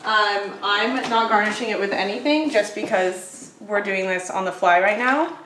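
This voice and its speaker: A young woman chatting casually as she tastes and reviews grocery finds, upbeat and quick, with lots of fillers. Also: mid-range voice, fairly bright tone, roomy sound, slight background noise, rough recording.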